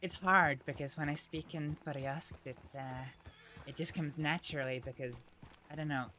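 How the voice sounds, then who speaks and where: A woman voicing a young Faroese woman on the frontier, with a Faroese accent, talking softly and hesitantly with giggles. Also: low-pitched, steady tone, moderate pace. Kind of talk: western role-play.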